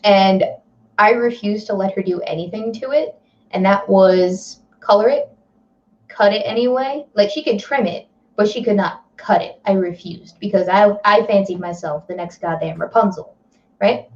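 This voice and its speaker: A woman's voice: mid-range voice, darkish tone. Giggly teasing woman on a stream. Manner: giggly, teasing, quick banter. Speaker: co-host. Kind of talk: casual stream chat. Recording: slightly dull lo-fi audio.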